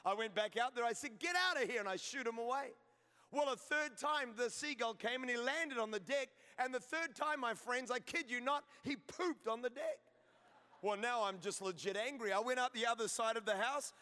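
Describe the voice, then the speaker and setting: A middle-aged male pastor preaches in a very high, bright voice. He tells stories with humor and builds to emphatic declarations. His voice carries a long reverb from a large hall. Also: normal speed, clean tone. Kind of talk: sermon.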